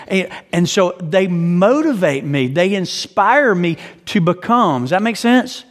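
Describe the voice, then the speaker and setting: A man's voice: high voice, lively intonation, unhurried, few pauses, in a large hall. A man pastor delivering a sermon in an earnest, conversational way, often asking the congregation questions.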